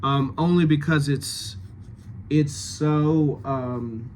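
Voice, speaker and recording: Slow, halting man giving notes. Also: a little high, steady tone, a little mellow, a little hiss or hum. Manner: thinking aloud, halting, many fillers. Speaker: dialect coach giving notes. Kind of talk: rehearsal notes to actors.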